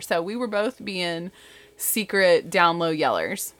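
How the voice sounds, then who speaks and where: A woman's voice: medium pitch, lively intonation, moderate pace, a bit bright, dry recording. A woman in her thirties telling a story from her bedroom at home, chatty and rambling, with lots of asides. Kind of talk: casual storytelling.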